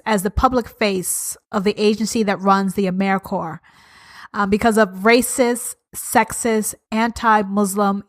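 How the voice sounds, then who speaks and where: A woman's voice: medium pitch, a bit bright. A woman hosting her own podcast, ranting bluntly and profanely in an uncensored solo talk. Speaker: podcast host.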